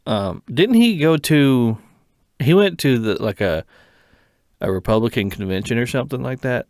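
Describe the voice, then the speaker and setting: A man's voice: medium pitch, expressive, moderate pace, a little mellow, dry recording. Young podcast guy rambling thru a story, laughs a lot, dry close mic. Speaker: podcast co-host. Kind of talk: casual chat.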